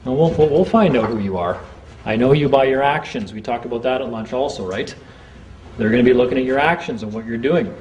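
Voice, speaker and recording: A man giving an informal seminar talk to a small group, chatty, acting out courtroom exchanges in quick quoted voices. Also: medium pitch, darkish tone, muffled recording, slight background noise. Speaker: seminar speaker.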